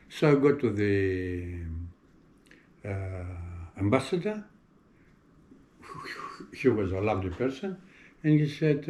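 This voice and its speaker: Slow-talking older man with an accent. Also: mid-range voice, darkish tone, echoey room. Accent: non-native English accent. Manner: anecdotal storyteller who acts out quoted voices. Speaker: interviewee. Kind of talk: relaxed reminiscing interview.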